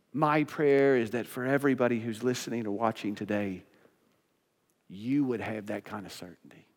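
Guy preaching from the pulpit, pleads then goes quiet and close, big echoey sanctuary. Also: mid-range voice, fairly even intonation, moderate pace. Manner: pleading, emphatic preaching that drops to a quiet, intimate tone. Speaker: pastor. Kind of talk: sermon. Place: church sanctuary. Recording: long church reverb.

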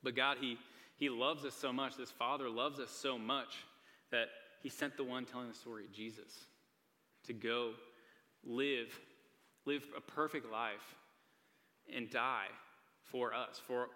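A young male preacher talks to a gathered crowd in a casual, earnest way and keeps checking in with them. His voice is bright and forceful. A long reverb from the church hall trails after his words. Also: medium pitch, fairly even intonation, unhurried. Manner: casual and earnest, many "like" and "right?" asides. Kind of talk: sermon. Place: church hall with a live audience.

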